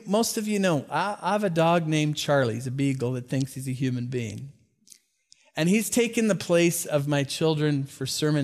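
Animated high-voiced male pastor preaching. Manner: storytelling, animated with asides and small laughs. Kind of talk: sermon.

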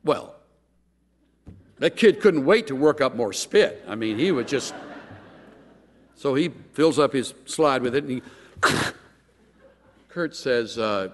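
Middle-aged male pastor, animated storyteller, wide-ranging voice, church sermon. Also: slow pace, long pauses. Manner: animated storyteller, voices quotes with big pitch jumps. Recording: long hall reverb.

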